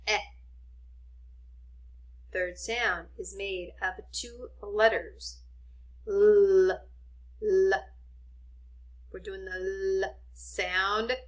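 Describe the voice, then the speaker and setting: Woman, children's phonics teacher, very slow, bright tone, gentle and encouraging. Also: mid-range voice. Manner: sounds out letters slowly, gently reassuring.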